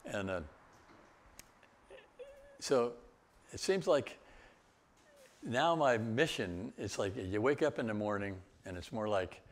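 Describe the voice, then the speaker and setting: A man's voice: lowish voice, lively intonation, slow pace, pauses often. An older man, a guest speaker, telling travel stories in a loose, rambling way with chuckles and restarts. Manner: rambling, with laughs and many restarts. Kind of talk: storytelling talk.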